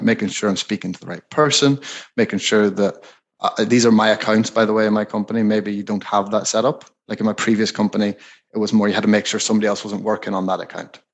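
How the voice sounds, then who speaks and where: A man co-hosting a podcast, giving sales advice in a relaxed, rambling, conversational way. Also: lowish voice, gravelly, muffled recording. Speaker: podcast co-host.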